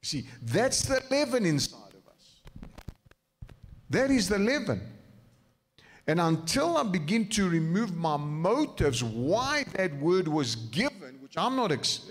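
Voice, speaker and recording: Male preacher, slow deliberate delivery, pitch rising and falling widely, hall reverb. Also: fairly bright tone. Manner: slow, emphatic, repeats key phrases. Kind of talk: teaching sermon.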